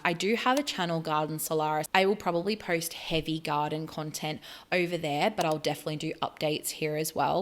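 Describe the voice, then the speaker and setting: An Australian woman in her thirties talking casually to camera, rambling and chatty with plenty of "like". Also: low voice. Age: 30s. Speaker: spiritual vlogger.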